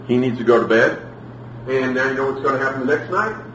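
A man's voice: medium pitch, fast, slight background noise. Preacher man echoing from far off. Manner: animated storytelling, acts out quotes. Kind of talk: sermon. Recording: echoey room, from far off.

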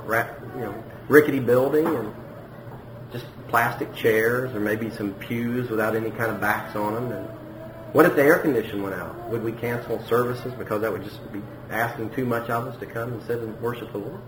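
A man preaching a sermon to his congregation in a conversational way, often repeating himself, climbing to emphatic peaks and dropping low. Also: a little fast. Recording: echoey room with faint background noise.

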